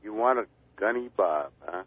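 An older man calling into a radio show, gruff and blunt. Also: on the low side, animated, moderate pace, no room sound. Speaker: caller. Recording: tinny phone line.

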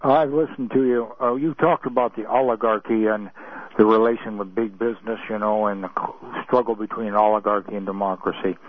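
A man's voice: on the low side, fairly even intonation, fairly quick, no echo. A man calling in to a radio talk show, speaking hesitantly as he gets to his point. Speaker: caller. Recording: tinny phone line on radio.

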